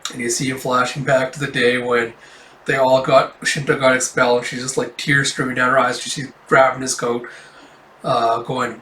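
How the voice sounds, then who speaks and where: A man hosting a casual manga read-through, chatty and relaxed. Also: mid-range voice, normal speed, reverberant, a little hiss or hum. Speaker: host.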